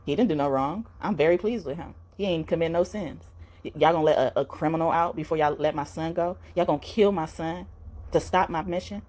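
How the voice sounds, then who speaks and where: An exasperated God, fed up and scolding, fires off indignant questions in a low voice raised a little higher than usual, as a woman puts him on. The delivery is a casual aside inside a spoken tarot video. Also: brisk, darkish tone. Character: exasperated male God, fed-up divine father.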